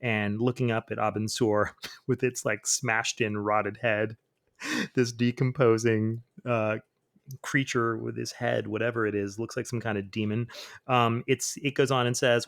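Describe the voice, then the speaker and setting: A male podcast host offers casual comic book commentary, filling laid-back asides with lots of fillers and reading quoted lines with dramatic flair. His mid-range voice is creaky and fairly bright, with fairly even intonation and a measured pace.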